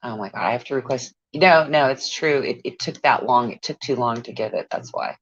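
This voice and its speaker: A woman's voice: very deep voice, brisk, husky, no room sound. A woman on a casual livestream, profane and exasperated, muttering to herself as she goes. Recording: dull lo-fi sound.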